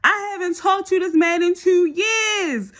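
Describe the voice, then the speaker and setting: A young woman, telling a story in a sassy, animated vlog style. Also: extremely high pitch, a little slow.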